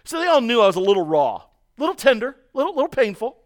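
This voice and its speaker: Pastor guy preaching, kinda high voice, tells stories and does little voices. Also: quick pace. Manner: storytelling, animated, mimics voices in quotes. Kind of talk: sermon.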